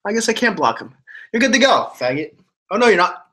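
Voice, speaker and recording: Sitting high with big pitch swings, his brisk voice sounds pushed and bright as this sports fan streamer fires back at chat in an angry rant about his football club. Profanity flows freely, and he trips over words, restarting as he rambles.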